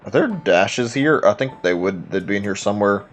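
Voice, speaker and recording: A man's voice: lowish voice, expressive, moderate pace, soft background music. Man muttering through a game stream. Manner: rambling, muttering to himself while typing. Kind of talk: casual let's-play commentary.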